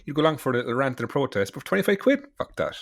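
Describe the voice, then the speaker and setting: A man's voice: mid-range voice, racing, no room sound, studio quality. A man with a Cork Irish accent, a podcast co-host ranting bluntly and swearing. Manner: blunt, swearing, animated rant. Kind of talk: casual chat.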